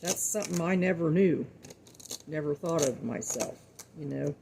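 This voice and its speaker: In a casual, faith-filled chat on her home cooking show, a middle-aged woman speaks to viewers in an earnest, folksy way and repeats words to stress them. Her low voice is creaky and mellow at a normal speed, with a little hiss or hum in the recording.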